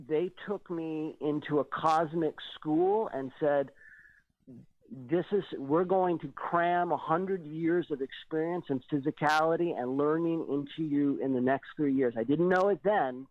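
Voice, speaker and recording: A man tells his story over a tinny, dry phone line, his voice sitting a bit high for a man. He talks in an animated way, a little nervous, and he acts out the voices of the people in it. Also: no room sound. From California. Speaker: radio show guest. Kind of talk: telling a personal story on a call-in radio show.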